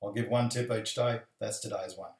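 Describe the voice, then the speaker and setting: An Australian airline pilot giving a casual, rambling, friendly video message full of fillers. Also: male voice, on the low side, steady tone, normal speed, a little mellow, far from the mic. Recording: echoey room.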